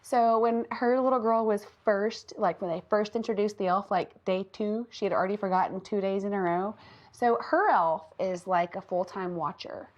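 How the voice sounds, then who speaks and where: A woman's voice: mid-range voice, normal speed, darkish tone. A middle-aged woman, co-hosting a casual chat and laughing often. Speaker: co-host. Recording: dull lo-fi sound.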